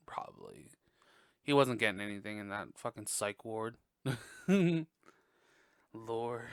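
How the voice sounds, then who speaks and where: A man chats on his podcast about a film he has just watched. He is blunt, profane and gossipy, and his fairly high voice jumps up when he exclaims. The recording is close and dry. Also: a bit bright, dry recording. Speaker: podcast host. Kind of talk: casual movie review chat.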